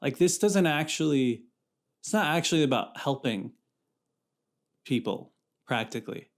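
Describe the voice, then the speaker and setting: A young man from California talks on his own podcast in a loose, easygoing ramble full of slang. He often breaks off and restarts his sentences. His voice sits in an ordinary middle pitch. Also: animated, measured pace. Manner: rambling, slangy, self-interrupting. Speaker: podcast host. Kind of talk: casual solo podcast chat.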